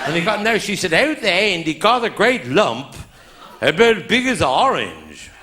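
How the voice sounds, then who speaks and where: A man's voice: high-pitched, sing-song, normal speed, sharp tone. A man with a broad Cornish accent telling a long comic story on stage, in dialect grammar, laughing along with his own punchlines. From Cornwall. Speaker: stand-up comedian. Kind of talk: live stand-up storytelling. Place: live show venue with an audience.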